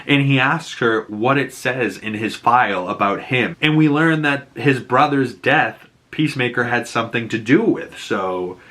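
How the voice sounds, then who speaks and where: Recapping a TV episode, a Boston-accented host swears freely, laughs and jumps into characters' lines in a raised voice. He speaks unhurriedly with few pauses, and his mid-range voice sounds expressive, pushed and bright.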